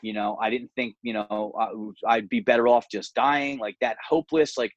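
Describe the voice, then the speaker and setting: A man in his forties, a martial arts gym owner, telling his story candidly as an interview guest, earnest and quick, often repeating words. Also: mid-range voice, fairly even intonation, no room sound, lo-fi sound.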